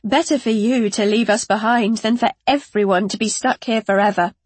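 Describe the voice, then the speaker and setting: A woman's voice: a little high, normal speed, husky, no echo. A woman voicing a desperate young mother, pleading and close to tears. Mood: insistent.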